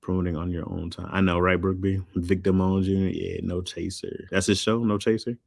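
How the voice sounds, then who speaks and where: A man's voice: low-pitched, flat delivery, fairly quick, gravelly, darkish tone, no echo, clean studio sound. A man streaming live, chatting casually in loose slang and answering chat. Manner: loose slangy talk, reads chat aloud.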